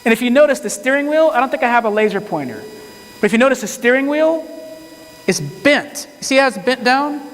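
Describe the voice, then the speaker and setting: A man's voice: very high voice, expressive, a little fast, a bit bright. A man telling a courtroom story to an audience in a conversational way, acting out the dialogue. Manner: conversational, quotes people in dialogue. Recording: long hall reverb.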